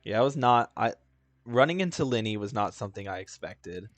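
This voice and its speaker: A man's voice: lowish voice, animated, a little fast, no echo. A laid-back man giving casual gameplay commentary, swearing and joking as he plays. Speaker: let's player.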